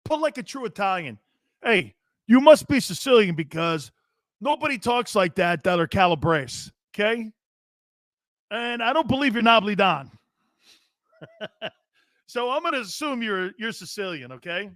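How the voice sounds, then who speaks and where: A man's voice: sits high, sing-song, normal speed, pauses often, a bit bright, no echo, clean studio sound. A middle-aged man hosting a sports talk show, blunt and profane, joking with his chat. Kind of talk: loud, brash sports talk.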